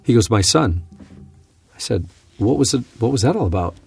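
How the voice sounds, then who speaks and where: A man teaching from scripture on a podcast, telling a personal story in an earnest, animated way. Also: mid-range voice, normal speed, gravelly, husky, no echo, soft background music. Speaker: Bible teacher and podcast host.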